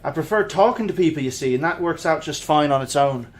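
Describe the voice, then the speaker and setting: A man putting on a gentle giant firbolg. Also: fairly high pitch, animated, fast talker, natural voice. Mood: friendly. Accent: put-on rustic folk accent. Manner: folksy rustic speech, bumbling and friendly. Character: huge gentle pacifist male firbolg paladin. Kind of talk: in-character introduction.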